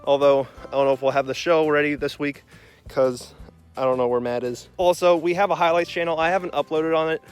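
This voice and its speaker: Young male podcast host, winded and fretful, slightly high voice, mock-worried rambling. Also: fairly even intonation, brisk, smooth, soft background music. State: out of breath. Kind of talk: comedic podcast intro.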